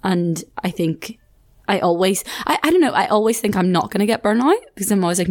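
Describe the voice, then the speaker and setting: A young woman with a southern Irish accent, hosting a podcast in casual chat, laughing often and adding quick asides. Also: medium pitch, lively intonation, darkish tone. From Ireland. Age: 20s. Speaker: podcast host.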